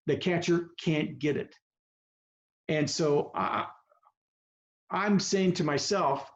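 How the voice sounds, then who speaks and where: A man's voice: fairly high pitch, slow, pauses often. A man in his seventies, a veteran baseball coach, telling heartfelt stories on a video call in an earnest, rambling way. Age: 70s or older. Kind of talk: personal storytelling on a video call. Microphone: video call microphone. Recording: muffled video call audio.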